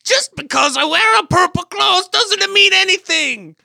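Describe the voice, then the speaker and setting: A woman voicing a sleazy villainous adult male rival brother with a hammy put-on Italian accent, shrill and defiant. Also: lively intonation, unhurried, gravelly, pushed and bright, dry recording, studio quality, full character voice. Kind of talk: improvised podcast parody.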